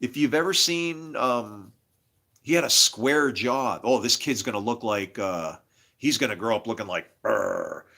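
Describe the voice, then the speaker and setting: A man's voice: mid-range voice, normal speed, sharp tone. A man talking straight to the camera in a rambling, agitated personal monologue, profane and jumping from story to story. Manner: agitated, profane, jumps between stories. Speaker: self-made video host.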